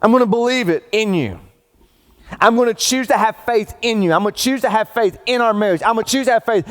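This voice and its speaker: A middle-aged male pastor preaching a sermon in a conversational, emphatic way, swinging between loud rising peaks and slow low stresses. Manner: emphatic and conversational, repeating "watch this" and addressing listeners as bro.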